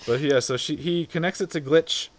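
A man co-hosting a podcast, recapping a cartoon episode in a relaxed way and chuckling often. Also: fairly high pitch, normal speed. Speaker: podcast co-host.

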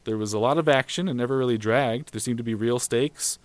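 A podcast co-host giving relaxed, thoughtful opinions and laughing easily. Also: medium pitch, a little fast, no room sound. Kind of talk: casual episode review chat.

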